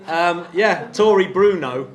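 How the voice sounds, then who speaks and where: A man's voice: sits high, slow. A man from England hosting a live podcast on stage, chatty and enthusiastic, often laughing. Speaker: podcast host.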